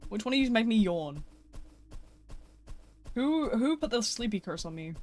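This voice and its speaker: A man's voice: high voice, very animated, measured pace, darkish tone, slight background noise. A man streaming a video game, chatting casually with viewers in a playful, joking way with mock-dramatic outbursts. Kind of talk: casual live-stream chat while gaming.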